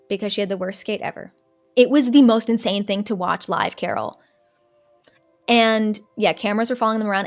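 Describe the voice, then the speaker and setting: Young woman telling gossipy stories. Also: mid-range voice. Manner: excited, gossipy retelling full of "like". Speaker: streamer. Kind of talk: casual storytelling on a livestream.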